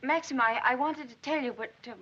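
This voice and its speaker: A young actress playing a shy, timid wife who stammers and apologizes in a 1940s film. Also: female voice, high-pitched, fairly quick, fairly bright tone, husky. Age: young adult. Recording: hissy, dull 1940s film soundtrack.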